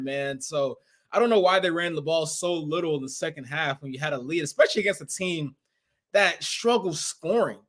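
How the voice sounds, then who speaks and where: Young man co-host, highish voice, laid-back, lots of "like". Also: brisk, a bit bright. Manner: casual, leans on "like" and "man". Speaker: podcast co-host. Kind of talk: casual sports podcast chat.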